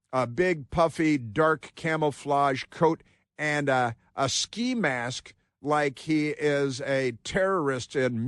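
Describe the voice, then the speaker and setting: A man's voice: on the high side, no echo, studio quality. A man hosting a talk radio show, delivering an opinionated monologue with combative, sarcastic asides.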